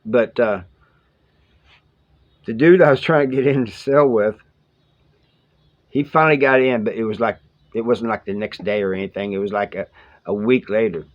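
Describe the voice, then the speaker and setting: A former prisoner with a lowish voice and fairly even intonation tells prison stories to camera at a moderate pace, leaving long pauses. His storytelling is casual, rambling, and full of slang, and he acts out the dialogue of the people involved. The lo-fi audio sounds slightly dull.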